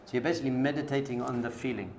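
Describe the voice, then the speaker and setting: A man's voice: mid-range voice, steady tone, very fast, a little mellow, a little hiss or hum. A man, a rabbi, giving an informal spoken lecture to a live group, coaching them directly with everyday analogies in a conversational tone. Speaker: rabbi teaching a class.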